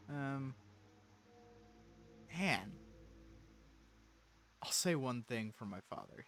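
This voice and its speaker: A man's voice: on the low side, fairly bright tone, slight background noise. A man casually playing a story game, reading its text aloud and adding joking asides. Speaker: let's play streamer. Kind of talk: casual gameplay commentary.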